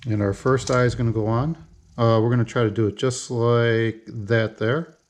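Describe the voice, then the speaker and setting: A man's voice: medium pitch, fairly even intonation, normal speed. A man narrating a casual how-to video, talking through each step as he works. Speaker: hobby lure painter.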